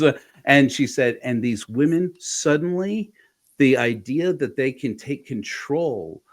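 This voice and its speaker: Animated man retelling stories on a podcast. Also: mid-range voice. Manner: animated storyteller, acts out quoted voices. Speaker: podcast host. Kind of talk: casual conversational podcast.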